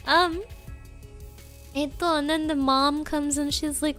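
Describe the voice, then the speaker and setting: A young woman streamer telling a rambling story in casual chat, giggling often and filling pauses with ums. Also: high-pitched, steady tone, fairly bright tone, soft background music.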